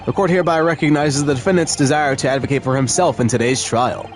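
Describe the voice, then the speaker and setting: A man voicing a stern elderly male judge in a courtroom game, formal and measured. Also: medium pitch, soft background music, natural voice.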